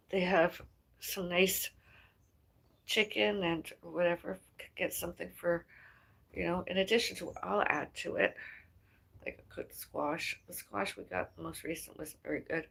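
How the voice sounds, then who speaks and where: A woman's voice: lowish voice, fairly even intonation, unhurried, creaky, pauses often, a bit bright, husky. A woman chatting casually on a livestream. She rambles and muses aloud, trails off mid-thought, and sighs between ideas.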